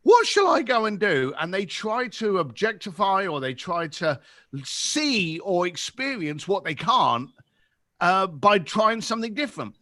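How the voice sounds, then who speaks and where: Man with a London accent, fifties, animated storytelling, bright voice, very lively pitch, dry close sound. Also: a little slow, no room sound. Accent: London English. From England. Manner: lively, acts out voices in anecdotes. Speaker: podcast guest.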